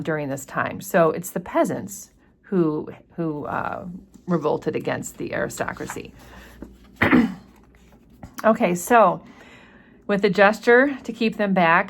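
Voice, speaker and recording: Woman, literature teacher, somewhat low voice, loose chatty delivery full of "um" and "like". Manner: loose and chatty, with many fillers like "um" and "like"; briefly puts on plain character voices when quoting dialogue. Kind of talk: casual book discussion.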